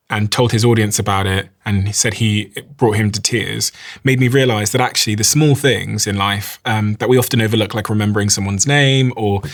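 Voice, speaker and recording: A man's voice: lowish voice, fairly bright tone. A man in his thirties hosting a podcast, musing thoughtfully and restarting his phrases. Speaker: podcast host. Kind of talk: reflective interview conversation.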